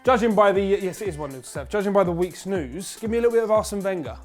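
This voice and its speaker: A young man with a notably high voice runs a comedy quiz, teasing his contestants. Music plays clearly behind him. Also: lively intonation, fast talker. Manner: teasing, laughs often. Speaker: quiz host. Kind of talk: casual comedic quiz hosting.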